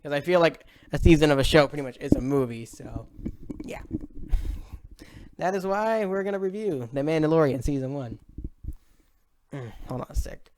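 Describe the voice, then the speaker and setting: A man's voice: fairly high pitch, animated, moderate pace, darkish tone, a little hiss or hum. A young man giving a casual video review from home, rambling with lots of fillers and self-corrections. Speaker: online show reviewer.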